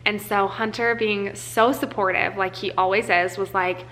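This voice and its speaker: A young woman vlogger shares an earnest, emotional personal story in a casual life-update video, peppering her speech with "like." Her mid-range, fairly bright voice holds a fairly even intonation at normal speed with hardly any pauses, and the recording is low quality.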